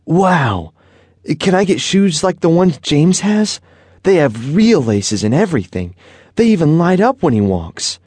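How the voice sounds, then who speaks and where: A man voicing an eager, excitable little boy in a children's storybook. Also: on the high side, a little slow, no echo, pitched above the performer's own voice. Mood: excited. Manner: pleading, excitable.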